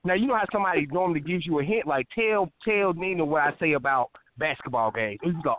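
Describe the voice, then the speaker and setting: A man chatting casually on a podcast, telling animated stories and acting out what others said. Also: on the high side, fast talker, few pauses, slight background noise. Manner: animated storyteller, mimics others in quotes. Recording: tinny phone-line sound.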